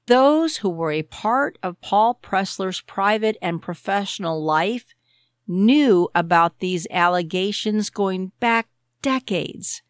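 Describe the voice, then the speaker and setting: Woman host reading a bible lesson, slow and careful, asks questions out loud, dry sound. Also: medium pitch, lively intonation, clear, resonant tone, dry recording. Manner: measured, deliberate delivery with rhetorical questions. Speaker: podcast host. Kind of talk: scripted Bible teaching monologue.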